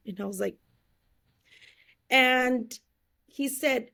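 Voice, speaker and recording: High-voiced animated woman telling her story. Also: normal speed, creaky. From California, USA. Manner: animated storyteller who acts out quotes and laughs often. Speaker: interview guest. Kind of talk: casual storytelling interview.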